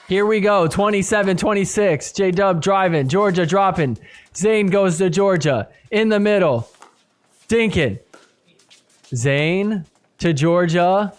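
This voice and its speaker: A man hosting a podcast, giving excitable play-by-play commentary over match footage and shouting at the big points. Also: high voice, slow pace. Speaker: podcast host.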